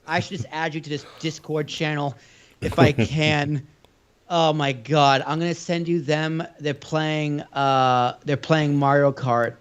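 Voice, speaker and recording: A man's voice: on the high side, fairly even intonation, measured pace, clean tone, lo-fi sound. A man co-hosting a podcast, rambling and stammering through a laughing casual chat. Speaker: podcast co-host.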